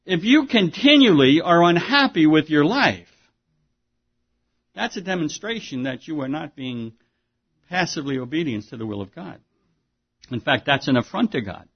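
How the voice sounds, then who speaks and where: Male pastor, somewhat high voice, conversational preacher given to restarts, dull lo-fi sermon recording. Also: big pitch swings, normal speed, long pauses, breathy edge.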